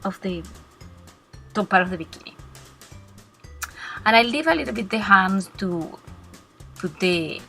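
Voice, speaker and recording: A woman walks through a card-making project at an unhurried pace, explaining each step. She often pauses and restarts while finding her words, and her voice sits at a medium pitch. Soft music plays faintly behind her. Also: creaky. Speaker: cardmaking blogger. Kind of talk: crafting tutorial narration.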